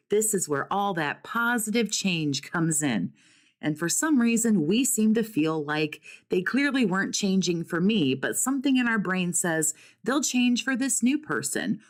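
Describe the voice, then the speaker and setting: A woman with a slightly low voice talks straight at her listener like a no-nonsense recovery coach. She swears freely and stacks up pointed rhetorical questions. She keeps calling her listener "survivor.". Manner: blunt, profane, full of rhetorical questions. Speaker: narcissistic abuse recovery coach. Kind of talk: direct-to-camera talk.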